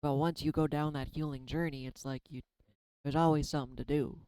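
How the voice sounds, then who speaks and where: A man's voice: a little high, fairly even intonation, brisk, darkish tone, smooth, no echo, rough recording. A tired man in his thirties talking casually and candidly in a rambling way, now and then swearing. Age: 30s. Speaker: tarot reader and artist. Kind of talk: casual spiritual vlog.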